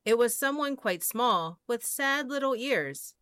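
A woman reading children's picture books aloud in an expressive, sing-song way. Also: on the high side, measured pace, smooth, dry recording. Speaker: storyteller.

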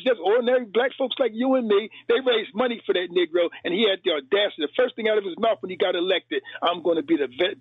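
A man's voice: high voice, breathy edge, no room sound. A man calling in to a radio show, heated and rambling, stumbling over and repeating his words. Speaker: caller. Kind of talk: call-in radio rant. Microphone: telephone. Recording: tinny phone line.

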